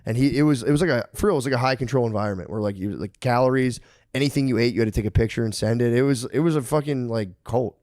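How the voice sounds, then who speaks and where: Fast-talking swearing podcast man. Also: medium pitch, dry recording, studio quality. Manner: animated storyteller, swears a lot, acts out quotes. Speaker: podcast co-host. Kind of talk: casual chat.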